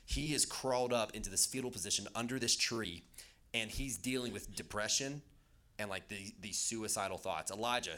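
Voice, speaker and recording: Bright-voiced male youth pastor. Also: on the low side. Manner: chatty, loose, jokey asides with many fillers. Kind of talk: casual youth sermon.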